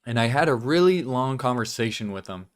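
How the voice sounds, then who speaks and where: A young man rambles easily through his weekly vlog update. His voice is smooth and resonant, sitting at an ordinary middle pitch. He talks loosely and casually, with the odd swear word, while chewing gum. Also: animated, fairly quick. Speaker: vlog host.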